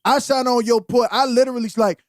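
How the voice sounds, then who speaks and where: A man's voice: extremely high pitch, steady tone, fast talker, dry recording, studio quality. Blunt, profane man on a podcast. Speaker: podcast co-host. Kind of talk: casual heated podcast chat.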